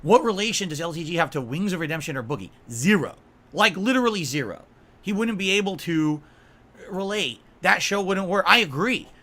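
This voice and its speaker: A man's voice: high voice, animated, fairly quick, bright, forceful tone. A man on a livestream, ranting in an aggrieved, emphatic way, swearing and asking his viewers "right?" again and again. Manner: aggrieved, repeatedly asks "right?" and "okay?". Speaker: streamer.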